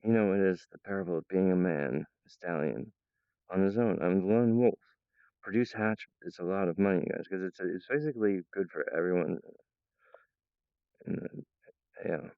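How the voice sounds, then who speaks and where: Rambling man, smooth voice, dull lo-fi sound. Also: deep voice, normal speed, pauses often, dry recording. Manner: meandering, laughs often, many restarts. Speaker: channel host. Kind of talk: rambling monologue.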